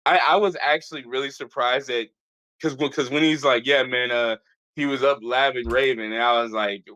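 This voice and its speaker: A man's voice: mid-range voice, steady tone, normal speed, bright, forceful tone, clean tone, no echo, low-quality recording. A man in casual chat, laid-back and slangy, laughing along with the story. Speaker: podcast guest.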